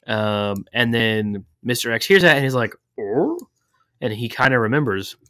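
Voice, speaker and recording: A man with a low, smooth, resonant voice stumbles loosely through a movie summary, pausing often on fillers. He sounds close and dry, with no room around him. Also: steady tone, bright, forceful tone, no echo. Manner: meandering, hesitant, full of "uh" and restarts. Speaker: podcast co-host. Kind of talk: casual rambling plot summary.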